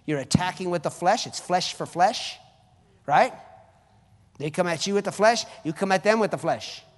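Pastor, male, fervent preacher with a high, swooping voice; reverberant hall sound. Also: animated, normal speed. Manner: preaching with sudden rises and drops in force. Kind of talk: sermon.

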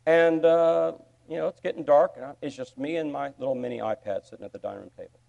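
A man preaching a sermon, telling a story with sudden swings from quiet asides to loud, excited bursts. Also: on the high side, quick pace, gravelly, muffled recording. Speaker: pastor.

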